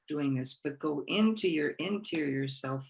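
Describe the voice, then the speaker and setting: A woman speaker giving a reflective spiritual talk, gentle and encouraging, often repeating phrases for emphasis. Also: sits low, measured pace, vocal fry, husky, poor audio. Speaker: conference speaker.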